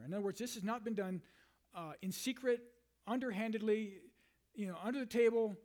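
A man with a high voice preaches a sermon in an easy, conversational way. He repeats words and restarts his sentences often, with "you know" dropped throughout. He reads scripture aloud and then retells it in everyday language. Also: fairly quick, a little mellow. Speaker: pastor.

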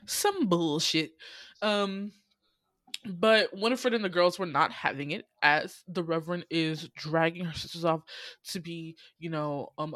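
A woman hosting a podcast, recapping a movie in a casual, profane and animated way, laughing often. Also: deep voice, no echo, studio quality. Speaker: podcast host.

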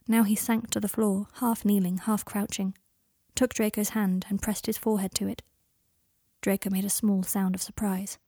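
A woman reads a story aloud in a soft, intimate, measured way. Her voice is husky and breathy at a middling pitch. The sound is close and dry, with no room around it. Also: little pitch movement, no room sound. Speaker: podfic reader. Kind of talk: audiobook narration of fan fiction.

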